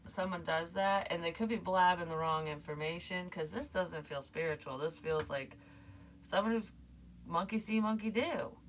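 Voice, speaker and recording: A woman's voice: on the low side, normal speed, far from the mic, a little hiss or hum. A woman psychic medium talking casually through a reading, rambling and swearing with frequent laughs. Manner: rambling, profane, laughs often.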